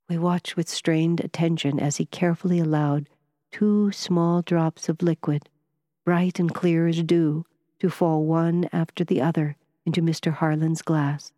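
A woman narrating a classic novel in scripted, steady storytelling. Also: low voice, unhurried, no room sound, studio quality. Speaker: audiobook narrator.

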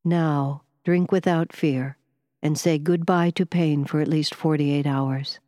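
A woman voicing a calm, serious male wizard and scientist who speaks quietly and in a measured way. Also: sits low, dry recording, clean studio sound.

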